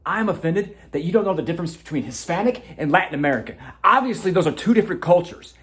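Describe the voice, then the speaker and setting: A man's voice: sits high, lively intonation, fast talker, fairly bright tone. A man voicing an easily offended, indignant young man who complains in a whiny, huffy way.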